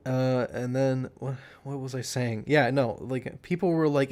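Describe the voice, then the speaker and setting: A man's voice: mid-range voice, steady tone, measured pace, darkish tone. A man streaming live, chatting casually in a rambling way, restarting his sentences and laughing at himself.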